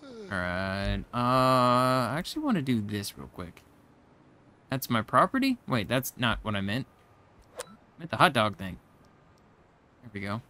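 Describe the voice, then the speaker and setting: A man giving casual let's-play commentary, chatty and quick to react aloud and laugh at the game. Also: mid-range voice, very animated, pushed and bright, slight background noise. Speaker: gamer.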